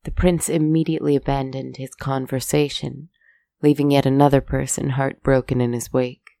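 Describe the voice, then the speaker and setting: A woman narrating a fairy tale aloud in a measured, soft-spoken way. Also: rumbling low, level tone, gravelly, dry recording. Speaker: storyteller.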